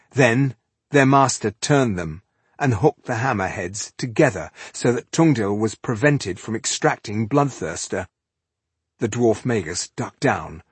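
A man reading an audiobook in an even, measured narration. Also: fairly low pitch, husky, no echo.

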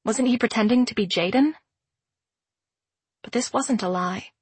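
A woman narrating a first-person audiobook in a measured, introspective way. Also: a little high, husky, no echo.

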